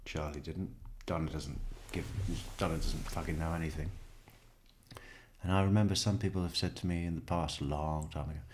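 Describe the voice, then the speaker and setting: A man's voice: extremely low pitch, steady tone, a little fast, a little mellow, a little hiss or hum. A man giving casual true crime commentary, sarcastic and mocking as he mimics what he watches.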